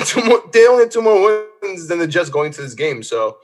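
A man's voice: high voice, sing-song, moderate pace, faint music behind. A man hosting a casual sports podcast. He rants in an exasperated way and fills his talk with "like.". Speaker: podcast host.

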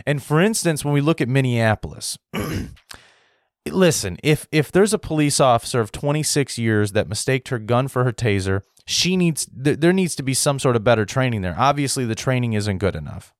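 An American man giving a heated opinion monologue to his viewers, restarting sentences, clearing his throat often and tagging his points with "right?". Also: mid-range voice, animated, moderate pace, no room sound, clean studio sound. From United States. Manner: heated, repetitive, frequent "right?" tags and restarts. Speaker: political commentary host.

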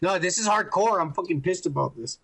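A man co-hosting a podcast in casual chat, rambling and excitable, swearing often. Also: high voice, a little fast, creaky, slightly rough. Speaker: podcast co-host.

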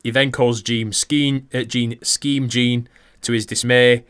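Man recapping events, bright tone. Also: mid-range voice, flat delivery, takes it slowly, clear, resonant tone. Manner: recaps events matter-of-factly, chuckling. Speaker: podcast co-host. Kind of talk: casual podcast recap.

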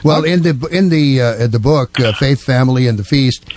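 A man hosting an interview, talking in a halting way with many fillers. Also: mid-range voice, darkish tone, a little hiss or hum. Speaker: host. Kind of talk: casual interview chat.

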